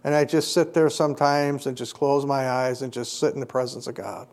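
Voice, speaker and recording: A middle-aged male preacher delivering a sermon and telling a personal story, earnest, rising to emphatic peaks and dropping quiet. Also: mid-range voice, fairly even intonation, a little fast.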